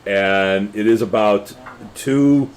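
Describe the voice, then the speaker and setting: A man's voice: on the low side, takes it slowly. A man hosting a casual talk show, rambling with lots of fillers. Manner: rambling, with many fillers and restarts. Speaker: podcast host. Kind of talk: casual chat.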